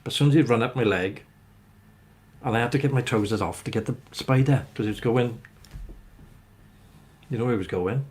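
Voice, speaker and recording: A man's voice: medium pitch, brisk, pauses often, darkish tone. Rambling man telling a story. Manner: rambling anecdote, keeps adding "right?". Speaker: livestream host. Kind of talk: ranting storytelling to live chat.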